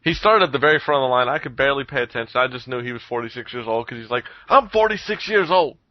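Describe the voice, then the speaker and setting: A man's voice: mid-range voice, racing, no echo. A man co-hosting a podcast, telling a story in casual chat, swearing a lot and acting out what others said. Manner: animated storytelling, swears a lot, acts out quotes. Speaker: podcast co-host. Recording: dull lo-fi recording.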